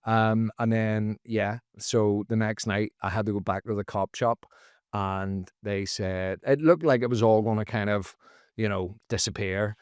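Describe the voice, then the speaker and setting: A man, a comedian guest on a podcast, telling a story casually and jumping into high, loud voices for the people he quotes. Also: fairly even intonation, unhurried, clear, resonant tone, dry recording, clean studio sound. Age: adult, former teacher.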